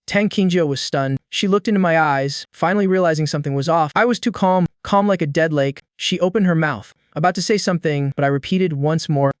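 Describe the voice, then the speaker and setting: A man narrating a first-person audio story recap in a calm, measured way, close to the mic. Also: on the high side, smooth, no room sound.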